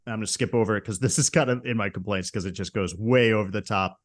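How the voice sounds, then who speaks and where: A man's voice: lowish voice, fast. Casual man recapping a film. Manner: chatty, amused retelling with brief quoted impressions. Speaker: podcast host.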